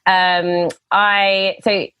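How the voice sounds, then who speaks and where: A woman's voice: medium pitch, flat delivery, drawn-out words, sharp tone, smooth, no echo, lo-fi sound. Chatty woman, dry close sound. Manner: chatty, filler-heavy, rambling with restarts. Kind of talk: casual chat.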